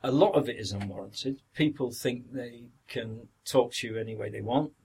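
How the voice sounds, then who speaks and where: A man's voice: mid-range voice, normal speed, a little mellow, slight background noise, low-quality recording. An older man with a Yorkshire accent, an actor telling stories in an interview, rambling and repeating words, sometimes acting out what others said. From Yorkshire, northern England. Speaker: actor, podcast guest. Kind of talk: anecdotal interview reminiscence.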